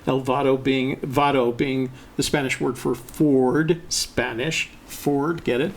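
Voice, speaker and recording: A man's voice: mid-range voice, fairly even intonation, slow pace. A man co-hosting a live show, talking casually and rambling with many fillers and restarts. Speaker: co-host of a treasure-hunt show.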